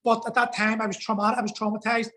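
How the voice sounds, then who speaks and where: High-voiced man, emotional and candid. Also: flat delivery, fast talker, pushed and bright, low-quality recording. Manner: earnest, emotional, swears for emphasis. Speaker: podcast guest. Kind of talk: candid personal storytelling.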